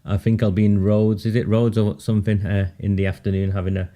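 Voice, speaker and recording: A man's voice: fairly low pitch, flat delivery, brisk, dark tone. A man addressing supporters in an informal speech, chatty and joking, with self-deprecating asides.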